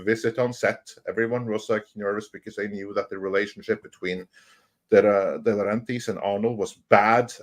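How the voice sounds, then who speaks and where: A man with a fairly low voice tells a story in a relaxed panel chat. He strings it along with fillers and chuckles. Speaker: podcast panelist. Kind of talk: casual anecdote telling.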